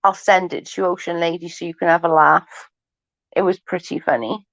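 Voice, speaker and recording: A woman's voice: lowish voice, fairly even intonation, brisk, fairly bright tone, no room sound. A chatty woman hosting a casual livestream, swearing freely and laughing often as she chats with viewers. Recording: dull lo-fi stream audio.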